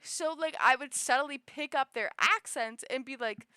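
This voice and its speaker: A woman streamer chatting casually, rambling with many fillers and often shifting her pitch up and down. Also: moderate pace, sharp tone, smooth, no room sound, clean studio sound. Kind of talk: casual chat.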